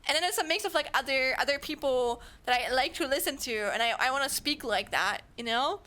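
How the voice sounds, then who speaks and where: Her voice is high-pitched, expressive, and sharp, and she talks briskly. She's a young German woman with a German accent, casually chatting with stream viewers from her home setup, giggling and rambling full of fillers.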